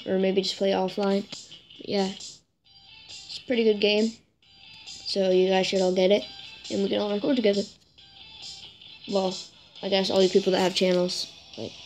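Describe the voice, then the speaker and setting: An excitable woman commenting on her own gameplay, chatty and self-conscious, with bursts of high squealing cheers. Her voice sits at an ordinary middle pitch for a woman. Faint game music plays underneath. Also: moderate pace, long pauses. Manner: self-conscious, keeps apologizing for freaking out. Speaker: gaming channel creator. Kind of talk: let's play commentary.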